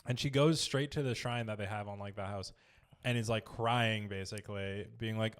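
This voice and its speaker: A man's voice: fairly low pitch, fairly even intonation, moderate pace, clear, resonant tone. A man co-hosting a podcast, telling a story loosely with plenty of fillers and swearing. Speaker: podcast co-host. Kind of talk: casual chat.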